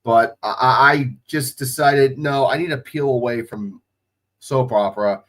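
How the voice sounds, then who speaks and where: A man's voice: medium pitch, unhurried. A man with a slight Southwest Ohio drawl who is getting over a cold, doing casual, profane play-by-play and chatting as a streamer. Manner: casual and profane, calling plays excitedly. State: recovering from a cold. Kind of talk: casual play-by-play commentary and chat.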